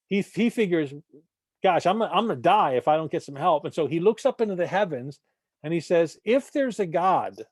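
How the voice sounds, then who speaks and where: Man, adult church class teacher, slightly high voice, dry close sound, conversational, repeats himself, keeps checking in with listeners. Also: a little mellow, no echo. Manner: conversational, repeats words, keeps asking "right?"; tells jokes, punchy emphasis.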